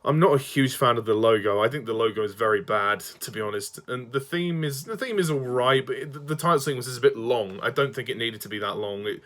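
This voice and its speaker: A man's voice: medium pitch, fast, few pauses, fairly bright tone. A man delivering an exasperated ranting review monologue, swearing and sighing often. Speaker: fan reviewer.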